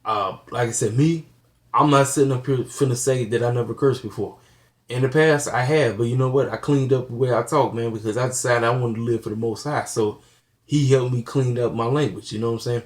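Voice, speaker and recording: Guy talking to his channel, earnest and kinda preachy, keeps saying you know, mid pitch voice. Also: fairly quick. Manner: plain-spoken, preachy. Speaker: channel host. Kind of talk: casual talk to camera.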